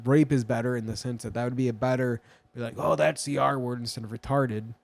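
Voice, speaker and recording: A man talks through a loose, wandering vlog monologue, full of crude asides and jokes. His voice sits at an ordinary middle pitch. The sound is dry and close, with little room echo. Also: fairly even intonation, brisk, vocal fry. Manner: rambling, meandering, crude and joking. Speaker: vlogger. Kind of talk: rambling casual monologue.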